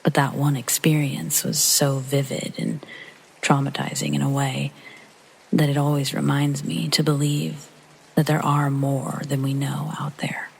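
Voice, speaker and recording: A man narrating a true horror story in a hushed, breathy storytelling manner. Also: medium pitch, little pitch movement, a little slow, rough recording. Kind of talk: scripted narration.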